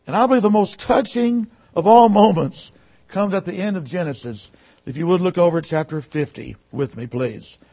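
A man preaching a sermon, swinging between loud emphatic phrases and quiet, lowered passages, reading scripture to his congregation. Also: normal speed. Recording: muffled, lo-fi recording.

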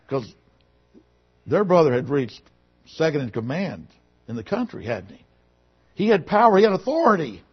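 A man preaching a sermon, swinging between loud emphatic phrases and quiet, lowered passages, reading scripture to his congregation. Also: big pitch swings, unhurried, long pauses, husky. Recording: muffled, lo-fi recording.

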